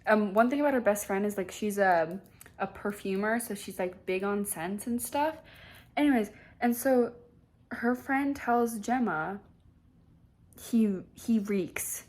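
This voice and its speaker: A woman's voice: medium pitch, unhurried, a little mellow. Chatty young woman reviewing a book. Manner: chatty, heavy on filler words, sarcastic asides. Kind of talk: casual book summary and review. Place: home with a cat nearby.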